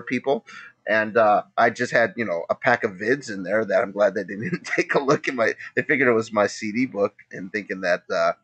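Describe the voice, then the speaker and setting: A man's voice: lowish voice, a bit bright. A man in his thirties hosting a podcast, telling stories in casual chat, swearing a lot and laughing often. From Los Angeles area. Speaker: podcast host. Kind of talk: casual profane storytelling.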